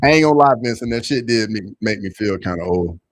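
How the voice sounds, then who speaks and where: A young man with a Southern accent, hosting a casual livestream and reading chat, loose and slangy, jumping to loud excited bursts. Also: fairly low pitch, quick pace, no echo.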